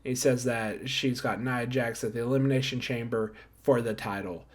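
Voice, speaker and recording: A man talks through a wrestling episode recap in an easygoing, off-the-cuff way. He wanders into side thoughts and corrects himself, then hands out star ratings. His voice sits at an ordinary middle pitch. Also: fairly even intonation, moderate pace. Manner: rambling, self-correcting, jokey asides. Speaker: wrestling show reviewer. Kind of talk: casual recap commentary.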